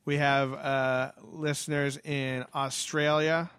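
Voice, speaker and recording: A man's voice: medium pitch, flat delivery, slow pace, a bit bright, clean tone, dry recording, clean studio sound. A man co-hosting a podcast from home, chatting casually, laughing often and swearing freely. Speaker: podcast co-host. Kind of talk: casual chat. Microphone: headphones and studio mic.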